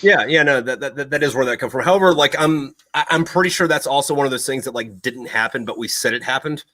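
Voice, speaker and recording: A man tells war history in a loose, swearing, meandering chat, full of fillers and restarts. His voice is bright and forward. He sits at an ordinary middle pitch. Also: fast talker. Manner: profane, rambling, animated storytelling with many fillers. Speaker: podcast host. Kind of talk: casual chat, military history storytelling.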